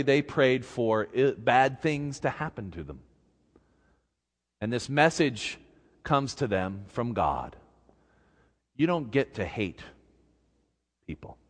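A man pastor preaching a sermon in a church, telling a story in an animated, folksy way. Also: on the high side. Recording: long reverb in a big hall.

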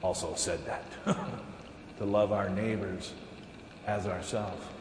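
A man's voice: low voice, fairly even intonation, slow. A male pastor preaching a sermon as a folksy, chuckling storyteller. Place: large church sanctuary. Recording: echoey church hall with faint room noise.

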